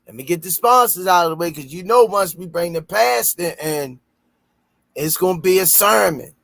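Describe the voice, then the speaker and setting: Gravelly high-voiced man hosting a podcast. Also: lively intonation, moderate pace, no echo. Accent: Baltimore. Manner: loud, playful, bursts into high shouts when joking. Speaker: podcast host. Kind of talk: casual podcast chat and sponsor reads.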